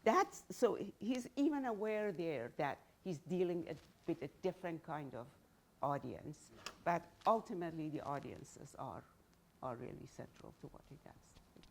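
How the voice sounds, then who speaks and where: Thoughtful low-voiced woman, Persian accent. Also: lively intonation, moderate pace, darkish tone, slight background noise. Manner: thoughtful, searching for words. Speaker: presenter. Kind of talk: academic Q&A answer.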